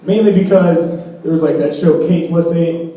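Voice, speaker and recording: A man's voice: a little high, normal speed, warm tone. A young man doing a stand-up comedy set in a club, rambling and profane, full of "you know". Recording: echoey club room, distant mic.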